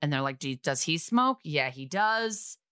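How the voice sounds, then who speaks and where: A woman co-hosting a podcast, recapping a TV episode in casual chat with sarcastic, quick asides. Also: low-pitched, lively intonation, fairly bright tone, smooth, dry recording, studio quality.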